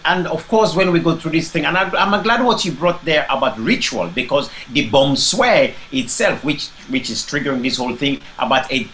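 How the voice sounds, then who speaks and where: Bright-voiced male host. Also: a little high, a little hiss or hum. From Sierra Leone. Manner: lively, lots of um and restarts, greets listeners by name. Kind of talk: live online discussion moderating.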